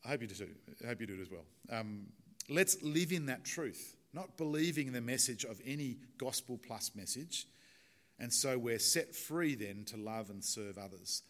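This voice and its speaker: A man preaching in an easy, chatty way, pausing on fillers as he goes. His voice sits at an ordinary middle pitch, and he speaks like a pastor talking to his own congregation. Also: lively intonation. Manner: chatty and warm-hearted, with fillers and small laughs. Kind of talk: sermon with closing prayer.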